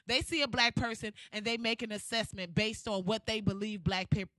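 A woman's voice: mid-range voice, sharp tone, no echo. A woman giving casual ranting commentary in a blunt, profane, fired-up way.

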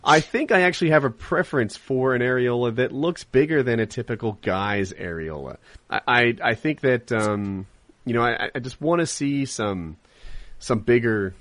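Animated man chatting casually, dry sound. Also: mid-range voice, no room sound. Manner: candid, rambling, laughs easily, frequent restarts. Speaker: podcast host and live streamer. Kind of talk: casual chat.

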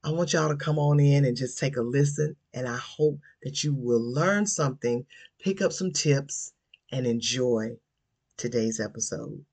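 A podcast host from Georgia, USA, speaks to her listeners casually and emphatically, calling them "y'all" and drawing out her words. Her voice is very deep and a little mellow.

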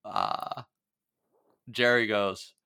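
A man co-hosting a podcast, chatting casually about a TV episode, laughing often and relaxed with fillers. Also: lowish voice, extremely slow, vocal fry, clear, resonant tone. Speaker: podcast co-host.

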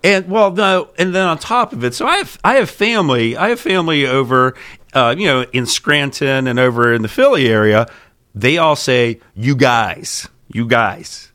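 A man with a Pittsburgh accent chats casually as a podcast co-host. His voice is bright and forward. He rambles, restarts his sentences and tells stories with plenty of animation. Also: fairly high pitch, expressive, moderate pace. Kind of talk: casual chat.

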